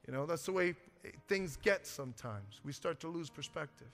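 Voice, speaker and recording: A man's voice: on the high side, big pitch swings, normal speed, vocal fry, few pauses, a bit bright. A man preaching a sermon as pastor, asking the congregation questions and answering them himself. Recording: music and long hall reverb.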